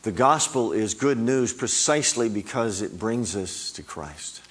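Middle-aged male preacher, low voice, unhurried sermon delivery with emphatic repetition. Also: expressive, fairly bright tone, husky. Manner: emphatic, rising on repeated words.

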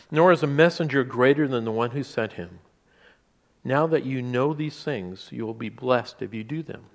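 A man preaching a sermon in a relaxed, conversational way, with asides and restarts. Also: mid-range voice. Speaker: pastor.

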